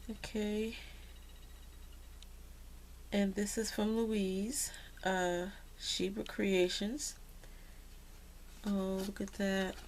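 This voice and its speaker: A woman's voice: medium pitch, extremely slow, long pauses, a little hiss or hum. A woman, gushing with delight as she unboxes crafted cards in a casual vlog. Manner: gushing, excitable, says "y'all". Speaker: crafting vlogger. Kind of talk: casual happy-mail unboxing.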